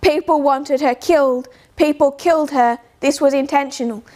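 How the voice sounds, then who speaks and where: Woman with a high voice giving a talk, slows right down on the key bits, lots of rhetorical questions. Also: fairly even intonation, darkish tone. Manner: measured, slows down to stress points. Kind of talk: informal lecture.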